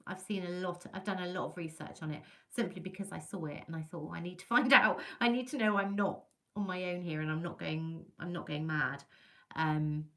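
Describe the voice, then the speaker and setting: A chatty woman from England tells ghost stories on a casual livestream, her voice bright and clear. She talks in a lively, animated way and breaks off now and then to greet viewers by name. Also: on the low side, a little fast. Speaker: livestream host.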